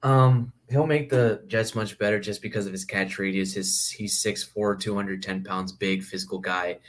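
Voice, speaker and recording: A man's voice: on the low side, steady tone, normal speed. A man appearing as a guest on a sports talk show, chatting casually and playfully breaking down football players. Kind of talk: casual chat.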